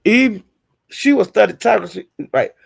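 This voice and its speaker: Gravelly-voiced woman spilling gossip. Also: medium pitch, measured pace. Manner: chatty retelling, acting out quotes, chuckling. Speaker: streamer recapping online drama. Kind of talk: casual gossip storytelling.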